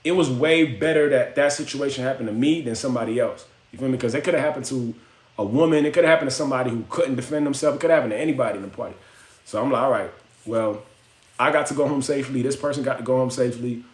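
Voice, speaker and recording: A man's voice: medium pitch, fast talker. A man hosting a phone livestream, telling a story in casual slang and acting out the voices of the people in it. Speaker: livestream host. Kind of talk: casual storytelling to live chat. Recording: echoey room.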